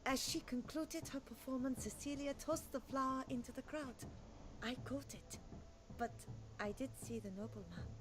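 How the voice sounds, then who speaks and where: A woman's voice: high-pitched, moderate pace, close to an everyday voice, rough recording. An actress playing a polite young woman posing as a painter's model.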